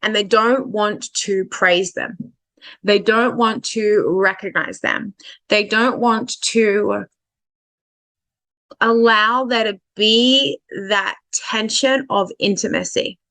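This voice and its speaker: A woman's voice: mid-range voice, steady tone, takes it slowly, fairly bright tone, no room sound. A woman relationship coach explaining dating behaviour in a casual, conversational way, with fillers and restarts, stretching out her key points.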